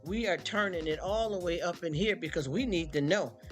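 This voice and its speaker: A woman's voice: fairly low pitch, brisk, faint music behind. A woman hosting a live stream, venting bluntly to her chat and mocking people with put-on voices. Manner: blunt, fired-up, mocking impressions.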